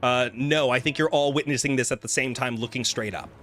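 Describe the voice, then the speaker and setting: A man running a tabletop game as game master, describing scenes in a measured way with frequent fillers. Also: medium pitch, fairly even intonation, fairly bright tone, soft background music.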